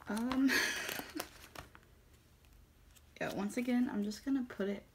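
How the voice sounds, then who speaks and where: A woman's voice: mid-range voice, noisy background. A young woman, chatting in a casual, rambling way as she organizes her photocards. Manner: rambling, emotional, giggly. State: tearing up. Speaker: vlogger.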